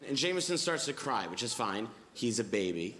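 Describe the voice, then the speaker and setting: A man's voice: medium pitch, sing-song, normal speed, background noise. Wry young male stand-up in echoey club. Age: 20s. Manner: wry storytelling with acted-out quotes. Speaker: stand-up comedian. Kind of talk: stand-up set. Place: comedy club stage with live audience. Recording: echoey club with audience laughter.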